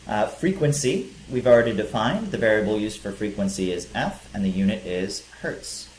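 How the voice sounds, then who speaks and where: A man's voice: fairly low pitch, animated, normal speed, a little mellow. A male teacher giving a physics lecture, explaining step by step with some fillers. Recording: echoey room with faint hiss.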